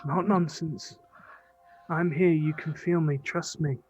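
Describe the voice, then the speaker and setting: A man plays a young man speaking softly to a frightened childhood friend, coaxing her to trust him. His voice sits fairly high. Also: fairly even intonation, slow pace, lo-fi sound, soft background music. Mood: soothing.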